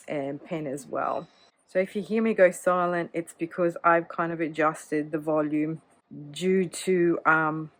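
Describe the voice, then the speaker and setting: A fountain pen vlogger chats cozily and casually about her hobby, hedging often with "kind of." Her fairly low female voice has no room sound, though the recording quality is low.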